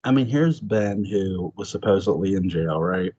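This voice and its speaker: A man chatting casually as a podcast host, excitable and swearing freely, his voice jumping up high when he exclaims. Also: moderate pace, highs cut off. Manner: swears freely, laughs often. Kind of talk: casual chat.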